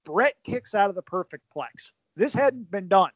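A talkative man with a high-pitched voice, chatting enthusiastically on a podcast. His voice is recorded close and dry, with no room sound around it. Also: animated, moderate pace, dry recording. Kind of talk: casual chat.

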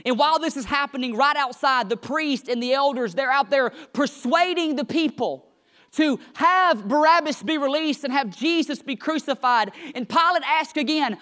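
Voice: high-pitched, moderate pace, bright, forceful tone. A Bible study teacher reads a passage aloud, then walks back through it in their own words. The retelling grows livelier as the story builds. There is a light, joking touch in the asides.

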